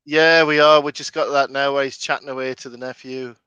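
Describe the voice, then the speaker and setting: Man, host, chatty film-trivia commentary, bright crisp voice, dry sound. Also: medium pitch, flat delivery, brisk, no room sound, highs cut off. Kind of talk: casual movie commentary.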